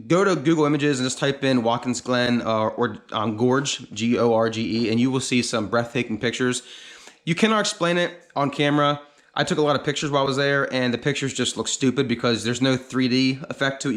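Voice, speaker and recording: A man's voice: medium pitch, fairly bright tone. Chatty rambling man vlogging. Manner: rambling, chatty, many fillers. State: out of breath. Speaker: channel host. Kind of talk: casual vlog talk. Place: outdoors on top of a gorge.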